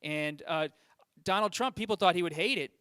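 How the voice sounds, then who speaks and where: A young adult man tells an anecdote to students and slips into the voices of the people he quotes. His voice is smooth and clear, sits slightly high, and has no room sound around it. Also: moderate pace, fairly bright tone, no room sound, clean studio sound. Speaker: journalist guest. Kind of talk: storytelling to a school audience.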